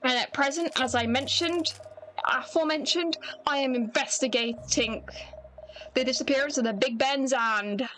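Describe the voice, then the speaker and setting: A woman's voice: high voice, normal speed, fairly bright tone, slight background noise, low-quality recording. A woman voicing a chatty male reporter, attempting a British accent and stumbling through the lines as she reads them aloud. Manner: stumbling read-aloud delivery.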